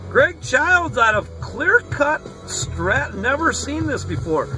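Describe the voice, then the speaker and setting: A man opening sports card mail in his car, talking in an excitable, profane, hollering way. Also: extremely high pitch, takes it slowly, few pauses. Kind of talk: casual card-opening vlog. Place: inside a car. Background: rock music playing faintly.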